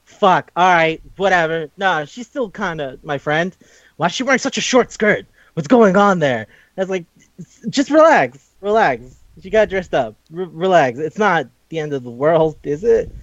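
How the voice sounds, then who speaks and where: A man's voice: high-pitched, normal speed, no room sound, lo-fi sound. A man co-hosting a casual chat, recapping an anime with lots of swearing and quoted voices. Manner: profane, animated retelling with quoted voices. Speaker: podcast co-host.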